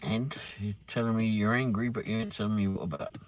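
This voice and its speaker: Vehicle noise rumbles behind this livestream host, whose lowish voice moves a little fast. He's running a laid-back stream, addressing viewers by name and cursing without restraint.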